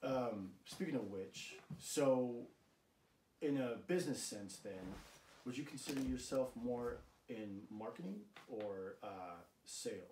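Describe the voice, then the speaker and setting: A male host asks his questions haltingly and piles up fillers and false starts. His voice sits at a middle pitch and sounds far from the mic. The room is echoey, with a faint hiss underneath. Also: a little mellow. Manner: halting, stacks fillers and restarts. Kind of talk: casual interview.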